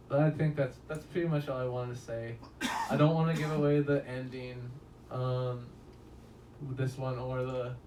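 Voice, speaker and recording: A man's voice: medium pitch, mellow, far from the mic. A man giving a casual spoken movie review, rambling and swearing often and laughing at his own stories. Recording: roomy echo, voice a bit off-mic, faint room noise.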